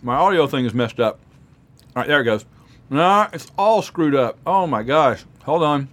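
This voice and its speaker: With hot peppers in his mouth, a man running a casual sports podcast chats and swiftly lists the names of his supporters. His voice is slightly high and a bit bright, with lively intonation.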